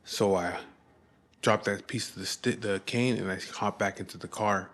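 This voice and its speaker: A man with a low voice recounts a story in a loose, casual way. He talks bluntly and swears constantly. He often stumbles and restarts his sentences mid-thought. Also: steady tone, fairly bright tone. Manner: blunt and heavily profane; halting restarts and repeated words.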